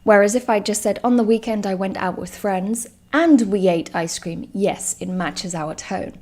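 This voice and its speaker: A woman teaching a live online English lesson, speaking clearly and stressing each example word. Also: mid-range voice, darkish tone. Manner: slow, clear and emphatic, stresses example words.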